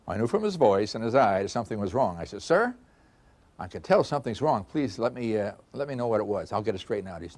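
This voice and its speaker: Older man telling animated stories. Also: lowish voice, brisk, long pauses. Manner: animated storyteller, acts out dialogue, laughs often. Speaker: customer service trainer. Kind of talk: storytelling seminar talk.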